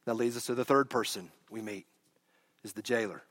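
A man preaching a sermon, telling the story with animated swings from loud bursts to hushed lines. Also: mid-range voice, fairly quick, no room sound.

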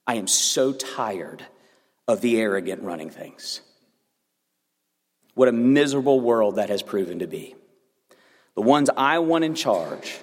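A man in his thirties preaching a sermon as pastor, earnest and building to fervent emphasis. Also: mid-range voice. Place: church sanctuary. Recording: long reverb of a church hall.

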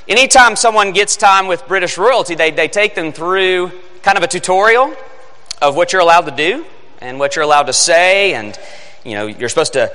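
A man's voice: a little high, sharp tone, clear, resonant tone. A man preaching a Christmas Eve sermon, earnest and building to emphatic peaks. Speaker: pastor. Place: church sanctuary. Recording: echoing sanctuary reverb.

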